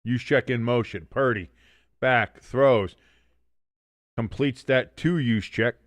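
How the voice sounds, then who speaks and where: A man's voice: medium pitch, slow pace, dry recording. Dry-sounding man doing casual play-by-play. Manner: joking, chatty, reads out chat messages. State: wired on coffee. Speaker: watch-along stream host. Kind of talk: casual live play-by-play commentary.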